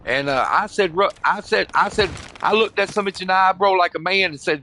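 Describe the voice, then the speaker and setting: A man's voice: high voice, normal speed, pushed and bright. Rambling, profane older man. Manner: rambling, profane, emotional, keeps saying "bro" and "you know what I mean". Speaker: gamer chatting on voice chat. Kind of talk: casual storytelling.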